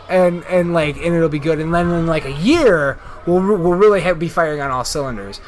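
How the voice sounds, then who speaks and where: A man's voice: a little high, fairly quick, few pauses, slight background noise. A middle-aged man telling profane, joking stories in a casual podcast chat. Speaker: wrestler.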